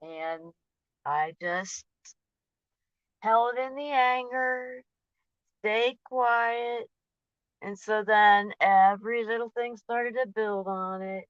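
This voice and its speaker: A woman's voice: a little high, slow, pauses often, smooth, no room sound. A woman talking in a casual personal vlog, candid and open about her feelings, rambling and often trailing off to restart her thought. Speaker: vlogger. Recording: dull, dry lo-fi recording.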